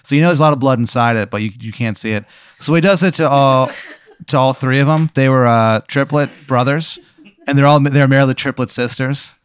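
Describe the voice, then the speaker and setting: Guy narrating an improv bit, clear smooth voice, rambling, deadpan, lots of uh's. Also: medium pitch, a little fast, no echo. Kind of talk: improvised comic storytelling.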